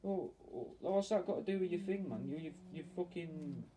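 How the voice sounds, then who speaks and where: A man with a fairly high yet dark, mellow voice rambles in sweary, casual chat while he works. He sits back from the microphone, and a faint ambient hum runs under his talk. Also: normal speed. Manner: sweary, meandering, chatty. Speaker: taxidermist streaming to fans. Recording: distant mic with faint ambient noise.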